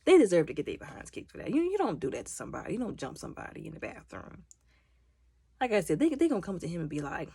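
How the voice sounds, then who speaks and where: A woman giving a casual movie recap, animated and exasperated, acting out characters' lines as she goes. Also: on the low side, fast, breathy edge, no room sound. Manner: exasperated, mocking commentary. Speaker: movie reviewer.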